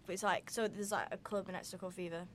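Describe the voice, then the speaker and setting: Fast-talking northern English young woman. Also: medium pitch, steady tone. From northern England. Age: young adult. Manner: chatty, filler-heavy, rambling. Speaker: podcast guest, student. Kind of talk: casual chat.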